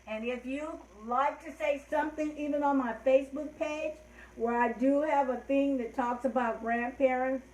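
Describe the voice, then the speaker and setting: Older woman host, gentle and heartfelt, fairly high voice, roomy echo. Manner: gentle, heartfelt, trailing off softly. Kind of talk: storytelling and rhymes for children.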